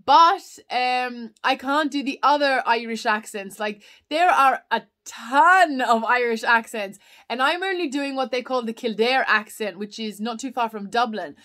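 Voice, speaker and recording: A woman's voice: fairly high pitch, a little slow, hardly any pauses, fairly bright tone. A woman hosting a casual live chat, answering viewer questions in a rambling way with many fillers and restarts.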